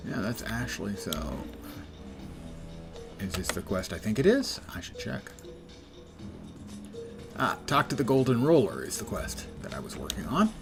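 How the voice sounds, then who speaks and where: A man's voice: on the low side, unhurried, pauses often, music in the background. Chatty male game streamer. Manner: relaxed, joking, chatty with viewers. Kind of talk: casual live-stream commentary.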